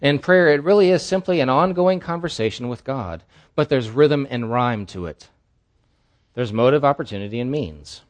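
Pastor, male, mid-pitched, earnest candid storyteller, preaching a sermon at a church service. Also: lively intonation, moderate pace.

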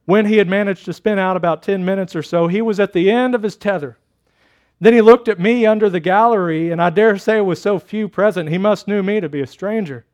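A man preaching a sermon as a pastor, telling a story in a slow, dramatic way. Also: high voice, a little mellow.

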